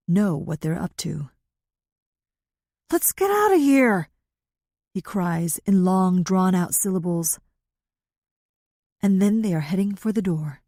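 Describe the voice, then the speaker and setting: Woman narrator, dark mellow tone, dry close sound, measured scripted storytelling. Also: on the low side, no room sound. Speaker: audiobook narrator.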